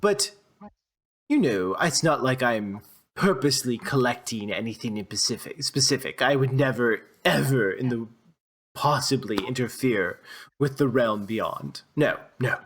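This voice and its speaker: A man's voice: mid-range voice, lively intonation, unhurried, a bit bright, slightly rough, exaggerated voice. A man voicing an eccentric, absent-minded male trader who talks in a fussy, flowery way.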